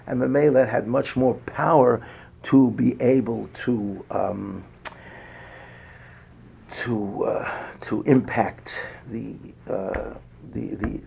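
An older man giving a Torah lecture as a rabbi, halting with many restarts and fillers, rising in emphasis as he lists sources. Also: mid-range voice, vocal fry, a little mellow, husky. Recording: faint background noise.

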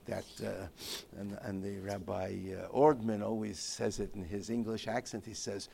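A man teaching a Torah class in a halting way, restarting his sentences often and mixing Hebrew and Yiddish terms into his English. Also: fairly low pitch, fairly even intonation, creaky, dark tone, a little hiss or hum. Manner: halting, with many repeated restarts. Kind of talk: Torah lecture.

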